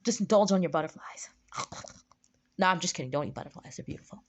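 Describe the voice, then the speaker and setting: A young woman telling a story in a casual vlog, animated, jumping up high for quoted lines, recorded on a phone. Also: quick pace. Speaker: vlogger. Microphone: phone camera.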